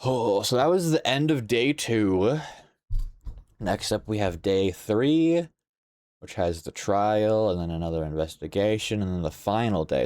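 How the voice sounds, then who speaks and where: A sleepy young man chats as he streams a game, his voice low and his pace unhurried. He stays playful, quick to exclaim and laugh even while drowsy. The sound is dry and close, with faint game music underneath. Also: no room sound. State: sleepy, yawning. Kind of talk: casual live-stream chat while playing a game.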